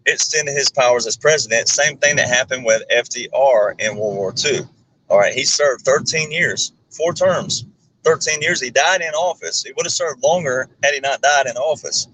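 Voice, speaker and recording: A man's voice: mid-range voice, a bit bright, a little hiss or hum, rough recording. Earnest, lecturing American man. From United States. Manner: earnest, lecturing, piles up legal references. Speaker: guest. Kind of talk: earnest explanation.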